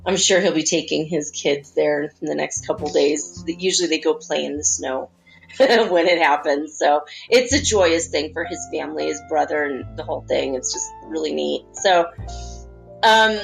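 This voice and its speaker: A woman hosting a spiritual talk, chatting gently and guiding listeners through visualizations. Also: on the low side, moderate pace, creaky. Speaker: spiritual channel host. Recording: faint guitar music behind.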